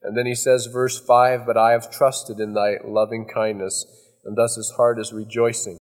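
A man's voice: mid-range voice, flat delivery, moderate pace, big-room sound. A man preaching a verse-by-verse sermon as pastor, folksy and conversational, often acting out asides.

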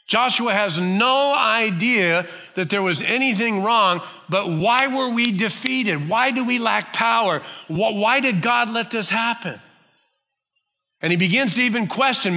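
A pastor delivering a sermon, earnest and emphatic, his fairly high voice carrying a bright, forceful edge. The sound rings with the long reverb of a large hall. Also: a little slow.

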